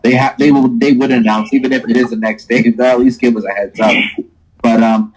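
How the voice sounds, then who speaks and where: A man's voice: mid-range voice, fairly even intonation, brisk, a little mellow, rough recording. A man talking about a game he plays with friends, thoughtful and hesitant with many fillers. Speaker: player on a gaming stream. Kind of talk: casual chat.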